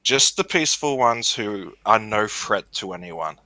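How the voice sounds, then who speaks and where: Male player, low forceful voice, dry close mic, joking and hesitant. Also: expressive, a little slow, dry recording, rough recording. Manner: joking, hesitant, repeats words. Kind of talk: casual tabletop game play.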